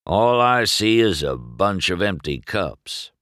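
A man voicing a gruff, curt old male race car in a storybook reading. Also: sits low, very animated, slow, fairly bright tone, no echo, clean studio sound, exaggerated voice. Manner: curt, growling.

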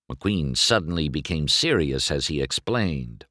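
A man narrating a children's storybook aloud in a slow, expressive storytelling manner. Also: extremely low pitch, no echo, clean studio sound.

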